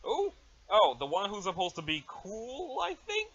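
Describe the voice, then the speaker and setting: A man's voice: sits high, wildly swooping pitch, unhurried, a bit bright, exaggerated voice. A man voicing a sardonic, long-winded teenage girl with a condescending manner, on a dull lo-fi mic.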